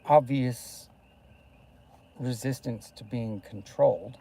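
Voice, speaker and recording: A young man talking to his camera while riding in a car, rambling casually, excitable one moment and murmuring the next. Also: mid-range voice, slow pace. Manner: excitable, jumps between topics, swings from loud to murmured. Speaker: vlogger. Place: inside a car.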